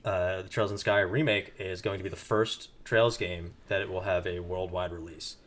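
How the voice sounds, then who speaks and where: A man's voice: low voice, level tone, normal speed, fairly bright tone. A young man co-hosting a gaming podcast in casual chat, rambling with many fillers and restarts. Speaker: podcast co-host.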